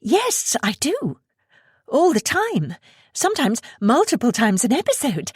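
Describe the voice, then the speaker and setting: A woman voicing a nervous, eager young woman who rushes and stammers her words in an audiobook. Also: on the high side, darkish tone, dry recording, clean studio sound, pitched above the performer's own voice. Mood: flustered eager.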